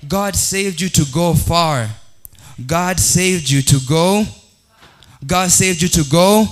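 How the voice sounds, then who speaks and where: A man's voice: sits high, slow pace, soft background music. A man with a Kenyan accent preaching a sermon, building repeated declarations and mixing English with Swahili. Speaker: pastor.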